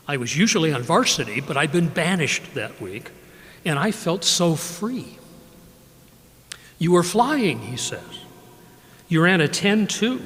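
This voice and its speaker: Older guy reading his poems live, slightly high voice, slow and soft, long echo off the library room. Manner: measured, unhurried reading with soft drops in level. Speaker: poet reading his work. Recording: reverberant live room recording.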